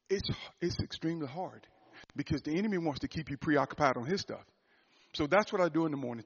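Male preacher, high-ish voice, animated, muffled recording. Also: quick pace, breathy edge. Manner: animated preaching, rising loud for emphasis. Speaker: speaker at a church gathering. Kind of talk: sermon-style talk.

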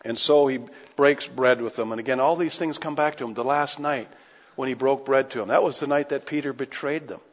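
A man's voice: mid-range voice, a little fast. A man preaching a sermon with passion, pressing his listeners with rhetorical questions. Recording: echoey hall, dull lo-fi sound.

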